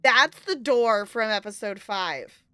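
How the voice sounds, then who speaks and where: A woman streaming a narrative game live, reading its text aloud and gushing with quick laughs between lines. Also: fairly high pitch, expressive, pushed and bright, clean tone, dry recording.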